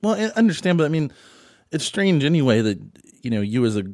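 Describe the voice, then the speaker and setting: A man's voice: fairly high pitch, very animated, fast talker, a little mellow, no room sound. Brief: dry, patient male host, voice rising and falling a lot, close dry mic. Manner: patient straight man, dryly questioning. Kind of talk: comedy podcast chat.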